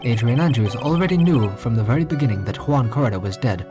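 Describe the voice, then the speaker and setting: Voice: medium pitch, expressive, pitched below the performer's own voice, natural voice. A streamer doing a silky, cold assassin. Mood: aloof. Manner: smooth, measured, aloof. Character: suave cold male hired assassin. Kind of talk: reading game dialogue aloud. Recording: game music behind voice.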